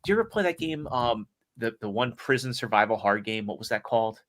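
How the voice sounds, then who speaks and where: A man's voice: mid-range voice, lively intonation, brisk, a bit bright. A man hosting a casual podcast chat, often stumbling and repeating his words as he talks. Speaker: podcast host.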